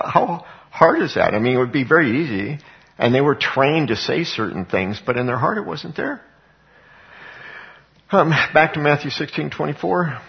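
This street evangelist and Bible teacher has a mid-range voice, captured on a muffled recording. His Bible teaching is informal and emphatic, full of rhetorical questions he goes on to answer himself.

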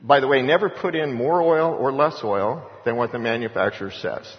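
A man's voice: medium pitch, moderate pace. A middle-aged man preaching a sermon as pastor, telling a story and exhorting with emphatic repetition. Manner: storytelling with acted-out voices of others. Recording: echoey hall, dull lo-fi sound.

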